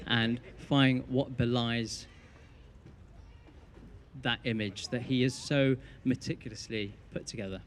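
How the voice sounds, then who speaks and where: A man's voice: mid-range voice, steady tone, slow pace, long pauses, a little hiss or hum. A young man giving a best man's wedding speech, telling a teasing story with dry punchlines.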